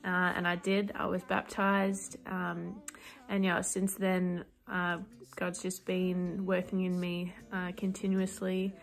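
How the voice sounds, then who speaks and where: A woman giving a quiet, sincere personal testimony, halting with many fillers. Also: lowish voice, monotone, vocal fry.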